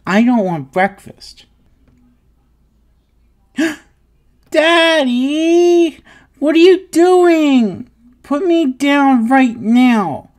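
A woman's voice: medium pitch, animated, very slow, pauses often, darkish tone. A woman voicing an adult who plays a clingy, stubborn childlike little boy in an audio role-play, whiny, pleading and giggly. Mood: stubborn protest.

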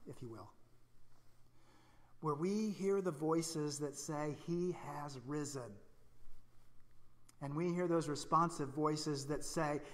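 Middle-aged man, pastor preaching, storytelling with gentle humor, slightly high voice, long church reverb. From Indiana. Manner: storytelling, self-deprecating humor, then soft and earnest. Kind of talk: sermon. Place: church sanctuary.

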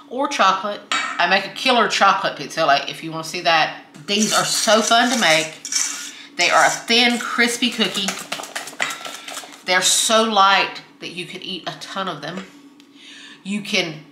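A woman's voice: on the low side, roomy sound, noisy background. A woman hosting a home cooking tutorial from her kitchen, talking in a friendly, chatty way while she mixes ingredients. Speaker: cooking channel host.

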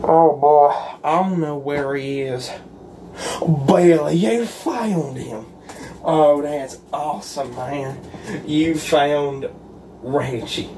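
A man's voice: fairly high pitch, slow pace, mellow, a little hiss or hum. A man doing a solo roleplay in a folksy, earnest and pleading way, as if talking to a gang of friends. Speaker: roleplay creator.

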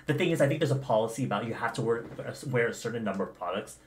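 A man's voice: medium pitch, lively intonation, rapid-fire, a little hiss or hum. A man chatting casually as a livestream guest, playful and campy.

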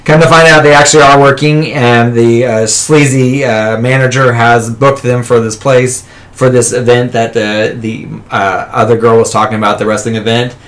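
Guy chatting about a comic, mid pitch, rambly, lots of ums and little laughs. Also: fairly even intonation, moderate pace, a bit bright. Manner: rambling retelling with frequent fillers and laughs. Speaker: comic book reviewer, podcast co-host. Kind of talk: casual chat.

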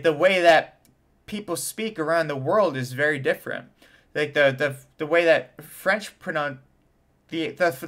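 A man's voice: on the high side, pushed and bright. A man, a trumpet teacher, reacting to an interview in a casual explanatory way and sounding out vowels and tonguing syllables as examples. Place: home studio in front of a camera.

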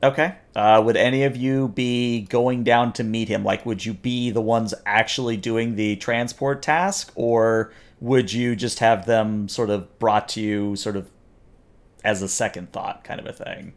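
A man's voice: fairly low pitch, steady tone, a little slow. Man running a tabletop game. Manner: hesitant, filler-heavy, questioning. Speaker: game master.

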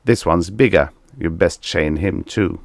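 A man's voice: low-pitched, measured pace, creaky, no room sound, clean studio sound. A man voicing a boastful, warlike alien male ruler who hoots and blusters in a storybook reading. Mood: blustering. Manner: hooting, blustering, bellowing.

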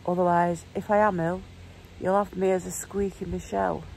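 A woman in her forties vlogging casually at home, croaky from a sore throat and tearful, rambling with lots of fillers. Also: lowish voice, level tone, normal speed, darkish tone, slight background noise, low-quality recording. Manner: rambling, chatty, filler-heavy. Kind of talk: casual vlog chat.

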